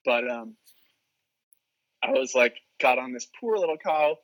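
Bright-voiced young man telling a story. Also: medium pitch, a little slow, lo-fi sound. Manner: laughs often, animated storytelling with quoted voices. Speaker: guest. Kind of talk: casual podcast storytelling.

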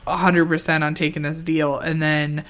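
A man co-hosting a podcast, recapping episodes in casual chat, animated, with frequent fillers and laughs. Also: a little high, normal speed. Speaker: podcast co-host.

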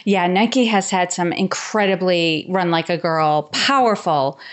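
A woman from New England hosting a podcast in casual, reflective conversation, quick to laugh. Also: lowish voice. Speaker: podcast host.

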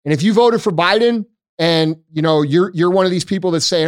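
A man with a high-pitched, animated voice talks at a moderate pace with hardly any pauses. He's a podcast host on a talk show, ranting to the camera in a heated, casual, emphatic way, profane and frustrated.

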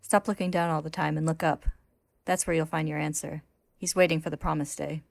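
Woman voicing a calm wise older father. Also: low-pitched, brisk, vocal fry.

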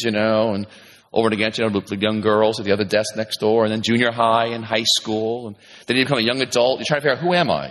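A male pastor delivers a sermon with a bright, forward voice. He talks in a loose, conversational way, full of fillers and restarts. His words ring out with a long reverb, as in a church sanctuary. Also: mid-range voice. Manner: conversational preaching with many fillers.

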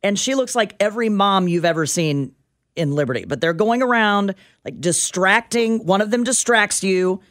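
A woman's voice: medium pitch, lively intonation, normal speed, a bit bright. A woman co-hosting a radio show, chatty and wry in morning banter.

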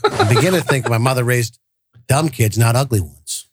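A man's voice: medium pitch, animated, fairly quick, background noise. A man from the northern United States co-hosting a podcast, joking and poking fun at himself in casual banter. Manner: joking, self-mocking. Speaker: podcast co-host.

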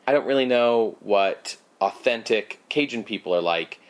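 Guy with a lowish voice rambling thru a movie plot, lots of um and like, dry jokes. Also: expressive, normal speed. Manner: rambling, filler-heavy, sarcastic asides. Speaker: podcast co-host. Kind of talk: casual movie recap chat.

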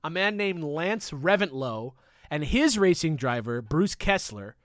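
A young man hosting a podcast, telling a story in a casual, animated way with jokey asides and swearing. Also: a little high, unhurried, dry recording, studio quality. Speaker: podcast host.

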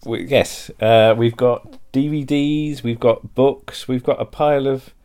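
A man's voice: mid-range voice, fairly even intonation, a little slow, warm tone, smooth. A man co-hosting a podcast in casual chat, teasing his co-host and laughing often.

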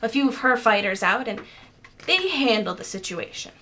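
A woman's voice: on the high side, sing-song, normal speed, pushed and bright. A woman voicing a polite, fussy female temple scholar who talks in prim, apologetic reassurances and stammers a little. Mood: formal.

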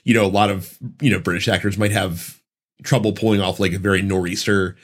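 A man's voice: sits low, fairly even intonation, a little fast. A man hosting a casual gaming podcast, asking his co-host questions and laughing easily. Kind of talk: casual chat.

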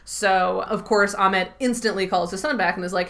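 A woman co-hosting a TV recap podcast in easy, casual chat. She talks with animation, laughs often and swears without a second thought. Her voice sits at an ordinary middle pitch. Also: fairly even intonation, moderate pace, few pauses, a bit bright. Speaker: podcast co-host recapping a TV episode.

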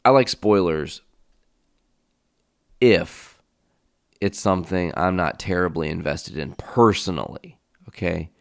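Male podcast host, deep and resonant, casual rambling riffs, dry close sound. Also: gravelly, clean tone, no echo. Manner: rambling, enthusiastic riffing with fillers; casual swearing. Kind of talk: casual solo podcast talk.

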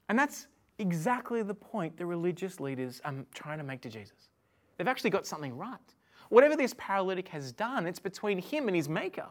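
A woman delivers a sermon to an online audience. Her manner is chatty and animated, moving between quiet, intimate stretches and loud, emphatic ones. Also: medium pitch, fast. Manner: conversational and animated, swings from hushed to loud. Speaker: preacher.

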